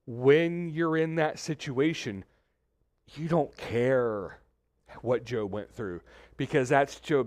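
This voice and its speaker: Pastor guy giving a loose chatty sermon, talks over himself, voice dry and close, middle pitch. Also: takes it slowly, no echo. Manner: animated, acts out voices in quotes, many restarts. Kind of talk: conversational sermon. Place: church suite, indoors.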